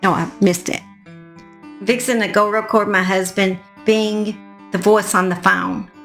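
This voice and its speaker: A woman's voice: mid-range voice, steady tone, a little slow, a bit bright, faint music behind. Chatty woman hosting a true crime channel. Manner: chatty, self-mocking, mild fake swearing. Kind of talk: casual chat and scripted outro narration.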